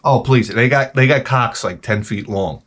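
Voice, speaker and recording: A man's voice: medium pitch, normal speed, a bit bright. A man hosting a game channel, ranting comically in a profane, rambling way, full of stammered restarts. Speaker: video game channel host. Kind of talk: comedic rant.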